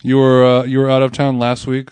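A man's voice: mid-range voice, monotone, fairly quick, darkish tone, smooth, dry recording. A man hosting a casual food podcast, rambling and laughing often as he talks. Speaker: podcast host. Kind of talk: casual chat.

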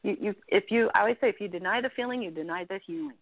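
A woman life coach giving earnest, animated advice as a guest in an interview, often checking in with "right?". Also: medium pitch, very fast, no echo. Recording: dry, tinny phone-line sound.

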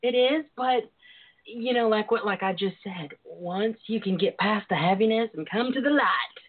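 A woman's voice: medium pitch, normal speed, breathy edge. A woman hosting a call-in radio talk show, talking in an earnest, encouraging way and laughing often. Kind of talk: casual call-in radio chat. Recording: tinny phone-line sound.

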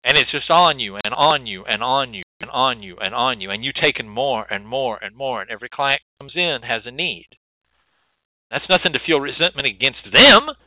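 A man's voice: mid-range voice, expressive, moderate pace, no room sound. Blunt, profane man lecturing. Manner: blunt, profane, preachy and emphatic. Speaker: host and hoodoo teacher. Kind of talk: lecturing monologue. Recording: dry, tinny phone-like sound.

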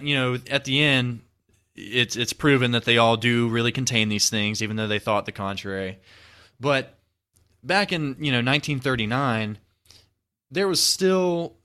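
A young man in his twenties hosts a podcast with a bright, forward voice. He muses at length in a relaxed, rambling way, often circling back to restart his thoughts. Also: medium pitch, clean tone. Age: 20s. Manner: rambling, reflective, many restarts. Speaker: podcast host. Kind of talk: casual chat.

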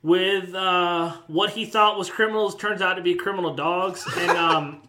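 Bright, hesitant male podcaster. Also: fairly even intonation, a little slow, a little hiss or hum. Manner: hesitant, filler-heavy pitching. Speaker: podcast co-host. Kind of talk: casual comedic chat.

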